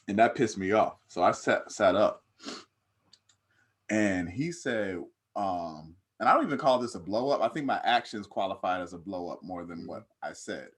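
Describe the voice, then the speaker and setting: Young male podcast co-host, low voice, laid-back storyteller who laughs as he gets riled up. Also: lively intonation, moderate pace. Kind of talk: casual storytelling.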